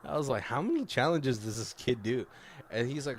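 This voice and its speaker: A man's voice: mid-range voice, a little fast, slight background noise. A man co-hosting a casual movie review podcast, swearing freely and laughing as he retells scenes. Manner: profane, laughing, retells scenes doing quoted lines. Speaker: podcast co-host.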